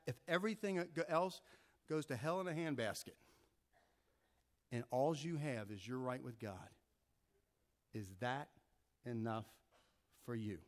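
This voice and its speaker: A male pastor preaching a sermon in an animated, conversational way. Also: medium pitch.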